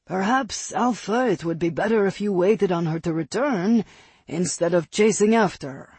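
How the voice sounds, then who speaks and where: A narrator voicing a young male werewolf who reasons in a measured, deferential way. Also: mid-range voice, a little mellow, husky, dry recording, voice pushed up. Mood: pleading.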